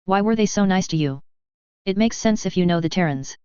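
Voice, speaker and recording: Low-voiced woman reading sci-fi. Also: lively intonation, brisk, warm tone, clean tone, dry recording, muffled recording. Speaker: narrator. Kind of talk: audiobook reading of sci-fi fiction.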